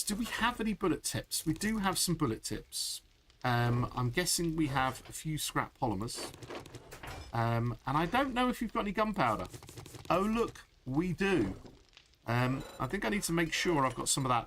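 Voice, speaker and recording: A man's voice: mid-range voice, fairly bright tone, slight background noise. A middle-aged man chatting through a live gameplay stream, laughing often and answering chat. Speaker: game streamer.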